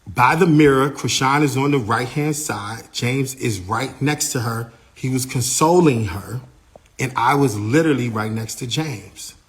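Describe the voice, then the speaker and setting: A man telling a story in the first person in a casual way, animated, acting out what others said and using lots of "like" fillers. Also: medium pitch, measured pace.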